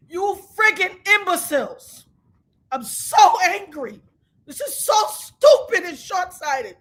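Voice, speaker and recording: A woman livestream host in an angry rant, shouting, repeating herself and near tears with rage. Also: very high voice. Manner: furious, shouting, repetitive.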